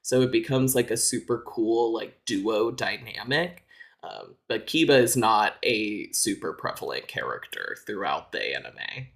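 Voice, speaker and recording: A man's voice: fairly low pitch, expressive, measured pace, fairly bright tone. A man co-hosting a podcast, chatting casually and explaining things at length, with lots of "like" fillers. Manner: explanatory, filler-heavy with frequent "like". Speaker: podcast co-host. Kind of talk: casual chat.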